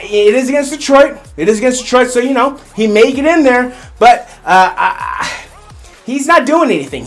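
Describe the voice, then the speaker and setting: A man hosting a solo fantasy football show, rambling through his picks, repeating phrases and getting fired up into rants. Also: high-pitched. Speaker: fantasy football podcast host.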